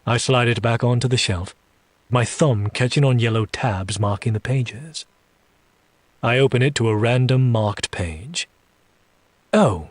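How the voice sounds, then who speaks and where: A man reading a first-person story aloud in an audiobook style, slow and deliberate, dropping low for menacing asides. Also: dry recording. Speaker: story reader.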